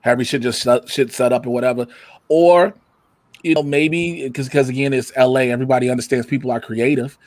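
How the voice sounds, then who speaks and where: A man chatting casually from his home setup, telling animated stories, loudly acting out quotes and swearing freely. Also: mid-range voice, fairly quick, no room sound. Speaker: guest. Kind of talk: casual chat. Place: home room with a computer setup. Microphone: computer mic or camera.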